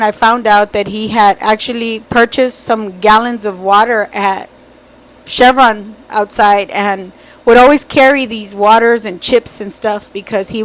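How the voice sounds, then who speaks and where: A woman's voice: a little high, poor audio. A middle-aged woman co-hosting a family podcast, recalling past events in a plain, reflective, casual way. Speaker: podcast co-host, mother. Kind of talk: casual storytelling chat.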